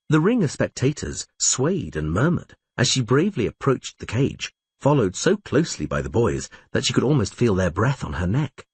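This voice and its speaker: A man's voice: fairly low pitch, husky, dry recording. A man narrating a fantasy audiobook, reading expressively and voicing all the characters himself.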